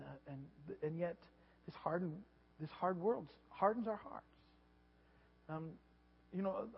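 A pastor preaching a sermon, animated and repeating his words, sometimes acting out voices. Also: a little high, slightly rough. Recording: dull lo-fi sound with long hall reverb.

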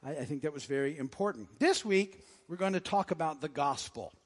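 A man's voice: on the high side, lively intonation, a little fast, long reverb tail. A man preaching a sermon as pastor, conversational and jokey, with frequent restarts. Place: church sanctuary.

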